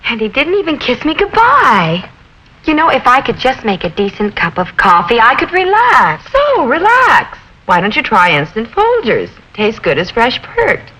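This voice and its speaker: An actress playing an eager-to-please 1960s housewife in an old coffee commercial. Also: female voice, on the high side, huge pitch swings, normal speed, pushed and bright, husky, heavily acted, rough recording. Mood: earnest.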